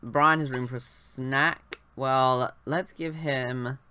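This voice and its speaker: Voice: medium pitch, steady tone, slow, pushed and bright, a little hiss or hum. A young adult chatting casually through a life-sim playthrough, rambling, talking to the game characters and often trailing off mid-sentence. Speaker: let's play gamer. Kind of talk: casual gameplay commentary.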